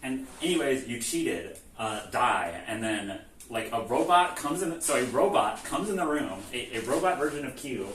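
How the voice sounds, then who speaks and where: Here a male presenter recaps a game's plot in a casual, comedic lecture style, voicing the characters with animated delivery, frequent profanity, and laughs. His mid-range voice moves at normal speed with hardly any pauses, recorded from a distance in an echoey room with faint noise.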